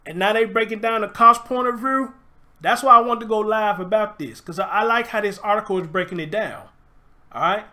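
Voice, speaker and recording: Male live-stream host, high voice, Memphis drawl, reads the news aloud and comments emphatically. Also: a little fast, bright, forceful tone. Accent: Memphis Southern. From Memphis, USA. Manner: reads aloud then reacts emphatically, greets viewers. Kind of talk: casual live-stream commentary reading an article.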